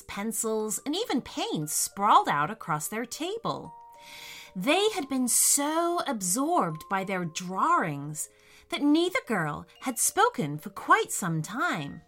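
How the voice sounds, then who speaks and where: A woman reading a children's story aloud, expressive and animated, talking straight to the young listeners. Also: on the high side. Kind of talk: bedtime story narration. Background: soft music.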